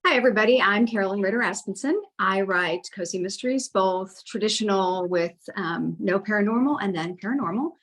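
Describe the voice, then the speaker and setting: A woman co-hosting an interview over a video call, friendly and encouraging, quick to reassure her guest. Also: mid-range voice, fairly bright tone, rough recording. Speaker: co-host and author. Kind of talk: casual interview chat.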